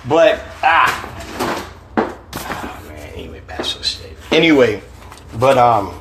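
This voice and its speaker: A man's voice: mid-range voice, sing-song, takes it slowly, vocal fry, fairly bright tone, a little hiss or hum. A man, an author, reading from his novel on a phone livestream and chatting casually with viewers in slangy talk. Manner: casual, slangy, chuckling often.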